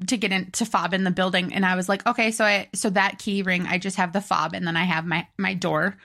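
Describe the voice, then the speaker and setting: A young woman co-hosting a casual podcast, telling a story with animated, laughing retellings of what people said. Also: lowish voice, brisk. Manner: animated, laughing, acts out quotes loudly. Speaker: podcast co-host.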